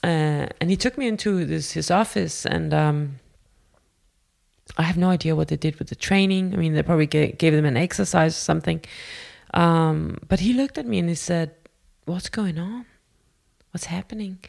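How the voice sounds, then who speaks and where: Woman, heavy creaky fry, personal story, candid, self-deprecating, halting. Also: low-pitched, a little mellow.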